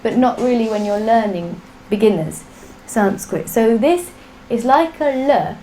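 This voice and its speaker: A woman's voice: on the high side, animated, measured pace, dark tone, slight background noise, rough recording. A woman teaching a live online language class, drilling sounds patiently for students to repeat. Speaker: Sanskrit teacher.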